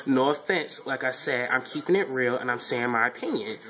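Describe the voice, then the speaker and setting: Reviewing a reality show in a casual vlog, a man repeats himself often and delivers blunt opinions with animation. His voice is mid-range and fairly quick, and the audio quality is poor.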